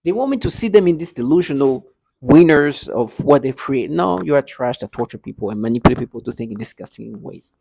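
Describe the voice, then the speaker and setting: A man's voice: medium pitch, expressive, fairly quick, vocal fry, dark tone, breathy edge, no room sound, rough recording. A man talking to his viewers in a casual monologue, insistent, often repeating words and restarting. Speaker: vlogger addressing his viewers. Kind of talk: casual spoken monologue to camera.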